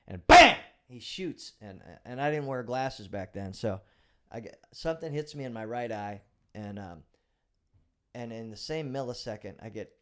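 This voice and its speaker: Speaking as a guest in a relaxed interview, a middle-aged man who retired from the police recounts a vivid story from his life, occasionally cursing, in a low voice with a darkish tone.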